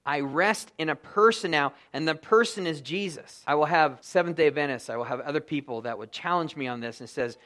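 A man's voice: on the high side, brisk, few pauses, fairly bright tone. A middle-aged man preaching a sermon as pastor, earnestly explaining scripture and pressing rhetorical questions.

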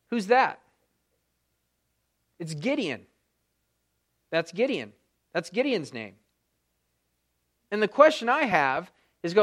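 Pastor guy w a high voice doing bible study, casual, lots of ums and restarts. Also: big pitch swings, moderate pace, pauses often. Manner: conversational, thinking aloud with fillers and restarts. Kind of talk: verse-by-verse Bible teaching.

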